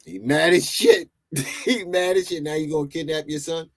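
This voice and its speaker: A man's voice: fairly high pitch, lively intonation, moderate pace. A man giving mocking, laughing commentary as he reacts to a video clip.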